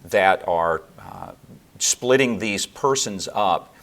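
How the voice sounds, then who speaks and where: A man answering interview questions on theology in a measured, lecturing way, with fillers and restarts. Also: low-pitched, animated, a bit bright. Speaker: theologian guest.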